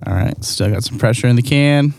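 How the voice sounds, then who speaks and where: A man's voice: mid-range voice, fairly quick, creaky, darkish tone, faint music behind. A man co-hosting a podcast, easygoing and often laughing in casual chat during a drinking game. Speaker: podcast co-host.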